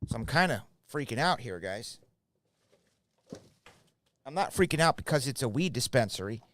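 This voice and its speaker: A man's voice: medium pitch, big pitch swings, moderate pace, fairly bright tone. A middle-aged man hosting a live card break from his shop, chatting casually and rambling to viewers by name. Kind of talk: casual live stream chat.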